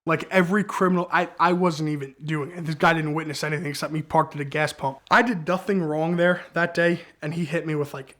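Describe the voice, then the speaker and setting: A man's voice: on the high side, fairly quick, hardly any pauses. A young man casually telling a story, acting out the other people's lines as he goes. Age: young adult. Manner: animated, acts out the cops' shouting in quoted lines. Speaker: guest storyteller.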